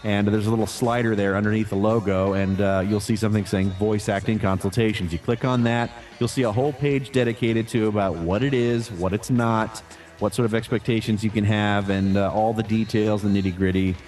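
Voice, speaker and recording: A man who works as a voice actor, answering interview questions in a relaxed, chatty way with frequent fillers and restarts. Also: lowish voice, brisk, soft background music.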